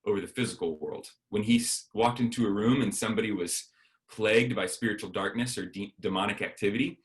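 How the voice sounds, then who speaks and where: A man's voice: fairly low pitch, a little fast. A man giving a sermon as a guest speaker, telling a personal story and acting out the dialogue.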